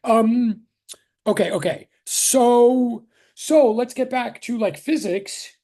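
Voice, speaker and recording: A man's voice: extremely high pitch, slow, mellow. A man teaching a physics class on a video call, chatting and greeting students one by one with many restarts before the lesson. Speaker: physics professor. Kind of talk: casual online class greeting.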